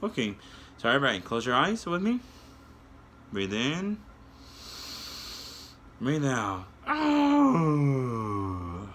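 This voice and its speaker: Gentle guy walking kids thru yoga, slow and patient, voice goes way up and down. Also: mid-range voice, huge pitch swings, a little hiss or hum. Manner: gentle, coaxing, talks straight to the children. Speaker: children's yoga story reader. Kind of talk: guiding kids through yoga poses.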